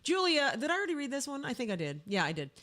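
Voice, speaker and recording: A woman's voice: high-pitched, very animated, racing, fairly bright tone. A woman co-hosting a livestreamed podcast in a casual chat, easygoing and reading out viewer comments. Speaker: co-host.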